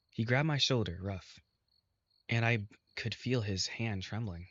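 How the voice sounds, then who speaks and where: Low-voiced man reading a game aloud. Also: unhurried, dry recording, highs cut off. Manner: steady first-person narration. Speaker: visual novel reader.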